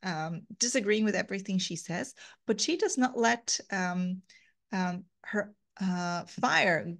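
A woman literature teacher reading a novel aloud in a live class and pausing for thoughtful, hesitant commentary. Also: on the low side, vocal fry.

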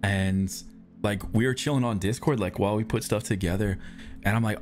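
A man's voice: fairly low pitch, brisk, faint music behind. A man co-hosting a stream in casual chat, rambling through profane riffs and laughing at his own jokes. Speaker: streamer co-host.

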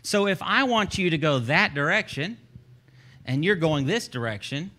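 A man with a Texan accent, a church pastor preaching a sermon from the stage in an animated, joking, conversational way. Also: on the high side, moderate pace.

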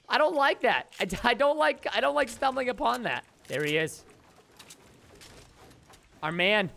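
A man's voice: very high voice, lively intonation, a little slow, vocal fry, long pauses, pushed and bright. A young man giving chatty, mock-grumbling commentary while playing a video game. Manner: chatty, mock-grumbling, joking asides to viewers. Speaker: gaming YouTuber. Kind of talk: casual gameplay commentary.

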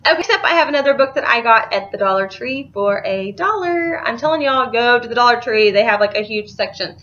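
A woman's voice: a little high, lively intonation, brisk, fairly bright tone, lo-fi sound. A young woman, chatting casually and rambling about books she bought, laughing easily. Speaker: book vlogger. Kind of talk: casual chat.

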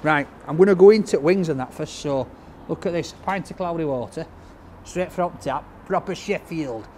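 A man's voice: fairly high pitch, moderate pace, a little mellow, a little hiss or hum. A man doing a chatty, jokey takeaway review in a cold outdoor makeshift greenhouse. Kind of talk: casual food review.

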